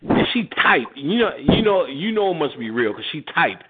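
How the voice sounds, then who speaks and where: Hosting a radio show, this man speaks with a fairly high pitch at a moderate pace. He's animated and laughing as he spins a slangy, casual story, performing the quoted voices himself, all over a tinny, phone-like line with noticeable noise.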